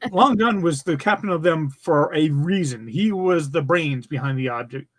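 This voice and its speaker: Middle-aged male co-host, high voice, eager and rambling, casual review chat. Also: normal speed, fairly bright tone. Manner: enthusiastic, rambling with fillers. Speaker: podcast co-host.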